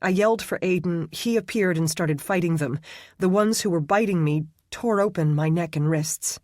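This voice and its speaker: A man's voice: sits high, moderate pace, darkish tone, no echo, studio quality, natural voice. A man voicing a frightened, stubborn young psychic woman in an urgent, insistent way. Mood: shaken.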